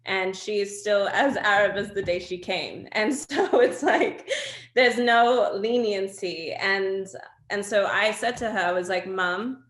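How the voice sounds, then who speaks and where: A woman, a guest in an interview, telling personal stories in an animated way with frequent laughs and fillers. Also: medium pitch, a little slow, echoey room. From Australia. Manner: animated storytelling, laughs often, many fillers. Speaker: guest artist. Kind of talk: candid conversational interview.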